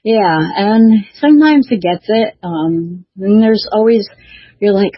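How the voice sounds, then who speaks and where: A woman's voice: medium pitch, lively intonation, takes it slowly, breathy edge, no echo. A woman author and show host chatting casually, talking hesitantly with many fillers and restarts. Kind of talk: casual chat. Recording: dull lo-fi dry recording.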